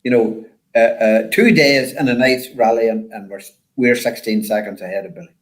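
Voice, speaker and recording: An older man, a former rally driver, telling stories in a rambling, animated way with lots of repeated words. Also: on the low side, moderate pace, poor audio. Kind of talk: casual storytelling chat.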